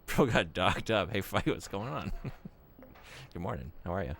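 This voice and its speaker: A young man hosts his live stream in a low, gravelly voice, joking with his viewers and teasing them. His pitch swings widely from line to line. He talks into a desk mic. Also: animated, takes it slowly, fairly bright tone, slight background noise. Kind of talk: casual live-stream chat.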